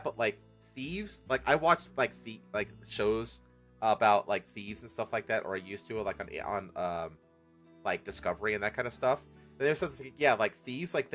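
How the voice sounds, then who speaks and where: A man hosting a reaction stream, talking casually in a rambling way with many fillers, swearing as he reacts to clips. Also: medium pitch. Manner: rambling, filler-heavy, swears and laughs loudly.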